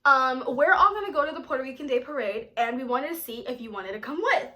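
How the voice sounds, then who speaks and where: Pushy, chatty middle-aged mom, high and bright, as a young woman puts her on. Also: animated, quick pace.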